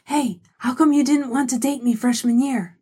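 A woman voicing a blunt, snappy young woman, a high school senior, who talks with brusque exasperation. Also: steady tone, moderate pace, dark tone, slightly rough.

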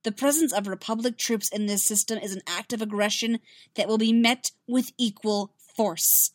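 A woman voicing a young queen who speaks coldly and forcefully. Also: mid-range voice, moderate pace, no echo, clean studio sound, close to an everyday voice. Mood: defiant. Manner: cold, forceful. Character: cold defiant young queen.

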